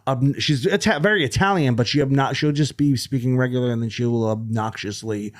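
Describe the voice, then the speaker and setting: A man from New York, guesting as a comedian on a podcast, with a voice of middling pitch. He tells stories with animated energy and dry sarcasm. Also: brisk. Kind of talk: casual chat.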